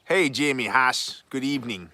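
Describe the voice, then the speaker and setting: A man's voice: medium pitch, expressive, normal speed, bright, forceful tone, dry recording. A man hosting a casual live stream, rambling jokingly through viewer names and putting on a folksy northern Midwest accent for fun.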